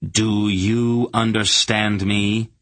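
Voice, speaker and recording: A man playing a young sorcerer issuing threats in a dreadfully quiet, slow voice. Deep and husky, with a close, dry audiobook sound. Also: fairly even intonation, dry recording, full character voice. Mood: menacing. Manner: menacing, quietly commanding.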